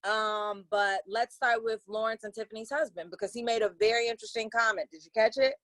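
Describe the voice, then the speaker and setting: A woman co-hosting a podcast, chatting casually with slangy, animated storytelling. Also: a little high, a little fast, no echo. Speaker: podcast co-host. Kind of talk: casual chat.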